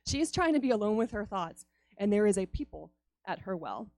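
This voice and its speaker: A woman's voice: mid-range voice, big pitch swings, fairly quick, a little mellow, dry recording. A woman giving a conversational youth sermon, chatty and laughing often as she acts out stories. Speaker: youth speaker.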